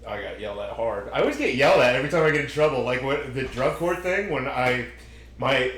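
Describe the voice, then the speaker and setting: Young dude rambling through a story on a podcast, cussing a lot, echoey room. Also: male voice, mid-range voice, expressive, fast, fairly bright tone. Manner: rambling storyteller, swears a lot, acts out quotes. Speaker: podcast host. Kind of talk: casual chat. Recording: roomy echo.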